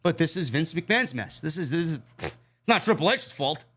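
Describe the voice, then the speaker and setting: A man tears through a wrestling show review in a blunt, exasperated rant full of swearing. His voice sits high and bright. His pitch leaps all over the place as he argues his points. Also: lively intonation, normal speed, slight background noise.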